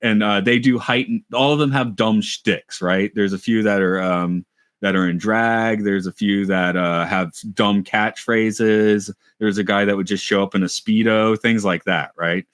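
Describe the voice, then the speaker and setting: Low, dry-voiced man rambling in chat. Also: steady tone, measured pace, a bit bright, no echo. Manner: rambling, self-interrupting, thinks aloud. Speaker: podcast co-host. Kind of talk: casual chat. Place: lives in Japan.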